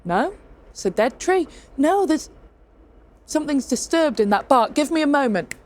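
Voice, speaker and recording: A woman's voice: high voice, very animated, normal speed. Woman playing a sly woodcarver man. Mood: scheming. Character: scheming sly male woodcarver, quick with excuses.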